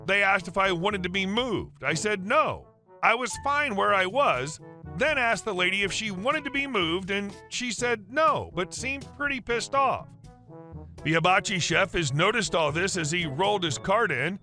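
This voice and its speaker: A man narrating reddit stories in a brisk, even, scripted read. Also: high voice, soft background music.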